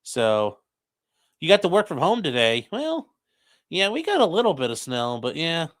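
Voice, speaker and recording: A man's voice: fairly high pitch, wildly swooping pitch, moderate pace, a bit bright. A young man hosting a late-night livestream, joking crudely and reading chat messages aloud from home. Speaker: livestream host reacting to a trial.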